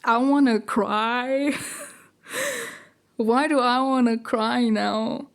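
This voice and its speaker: A woman's voice: a little high, lively intonation, extremely slow. A woman reading a graphic novel aloud in a casual, giggly way, with chatty, self-mocking asides. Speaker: comic book reader. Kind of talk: casual read-along with commentary.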